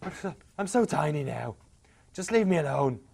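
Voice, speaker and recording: A man's voice: on the high side, big pitch swings, normal speed, creaky, a little mellow, pitched above the performer's own voice, heavily acted. A man voicing a small, weepy bird king who whines and pouts. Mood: whiny. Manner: whiny, pouting.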